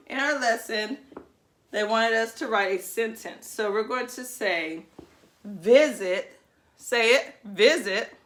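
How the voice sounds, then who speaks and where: A woman teaching preschool children over video, coaxing them to repeat words and praising them in an animated, drawn-out sing-song way. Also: a little high.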